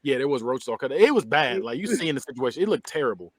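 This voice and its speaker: A man's voice: medium pitch, sing-song, rapid-fire, slightly rough, no room sound. A man hosting a podcast, casually reviewing a movie and retelling scenes with plenty of laughs and slang. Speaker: podcast host.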